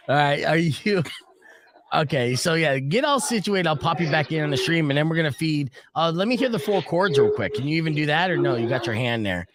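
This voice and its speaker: Excitable, swearing radio host. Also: male voice, brisk, background noise. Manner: excitable, swears, pitch jumps up when worked up. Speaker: radio morning show host. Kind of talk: casual on-air banter. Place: radio studio.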